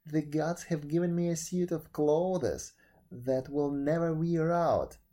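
A man's voice: a little high, slow, dark tone. A man doing a teasing, scolding fairy elder.

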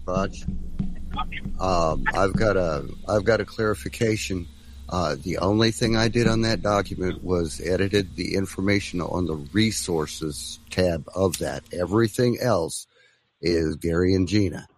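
A man on a call-in radio line speaks in a very low voice at an unhurried, slow pace. He is careful and hesitant as he clears up a detail. Faint noise hums under the line. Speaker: show contributor.

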